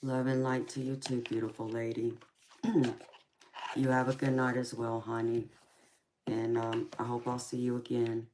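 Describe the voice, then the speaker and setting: Soft-spoken woman calling everyone honey. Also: very deep voice, flat delivery, moderate pace, pauses often, background noise. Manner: warm, calls viewers sweetheart and honey. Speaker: tarot reader hosting a live stream. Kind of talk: casual live-stream chat.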